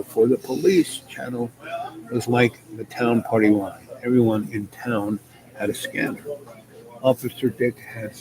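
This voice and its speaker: A man's voice: mid-range voice, rough recording. Man narrating a wry rambling story. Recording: noticeable background hiss.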